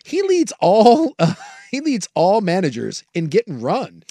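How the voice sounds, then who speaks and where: High, lively-pitched sports co-host man. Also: no echo, clean studio sound. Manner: animated, argumentative, rapid bursts. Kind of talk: casual sports chat.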